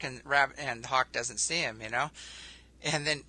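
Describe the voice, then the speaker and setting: A man hosting a spiritual talk show, telling stories in an animated way. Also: medium pitch, normal speed. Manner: storytelling, animated. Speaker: host.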